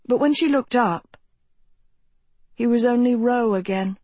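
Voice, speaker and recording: A woman reads a novel aloud, slowly and evenly, with a husky edge to her voice. She sounds close and dry, as if in a small treated booth. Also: on the high side, a little mellow, no room sound. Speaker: audiobook narrator. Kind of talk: scripted audiobook narration.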